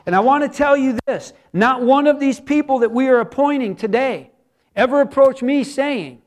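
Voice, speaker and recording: A man's voice: very high voice, moderate pace. A man who is a pastor, preaching a sermon earnestly and repeating words for emphasis.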